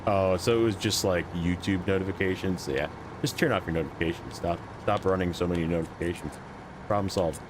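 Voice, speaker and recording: A man's voice: low-pitched, a little fast, background noise. A man streaming a game, chatting casually with viewers in a rambling, joking way full of fillers. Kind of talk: casual gameplay chat with chat.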